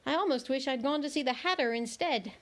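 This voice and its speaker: A woman's voice: high-pitched, a little fast, fairly bright tone. A woman voicing a prim, curious young storybook girl. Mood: musing.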